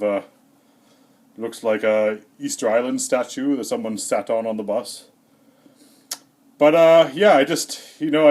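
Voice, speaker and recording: A man doing a rambling, deadpan comedic monologue in character as Santa, hesitant and full of fillers, a little out of breath. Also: medium pitch. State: slightly out of breath.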